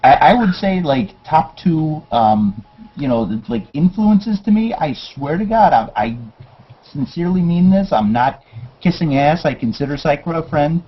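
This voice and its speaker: A man's voice: fairly high pitch, animated, normal speed, husky. A man guesting on a casual livestream, earnest and a bit self-deprecating, talking over a computer mic on a voice call. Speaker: guest artist. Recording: dull lo-fi call audio.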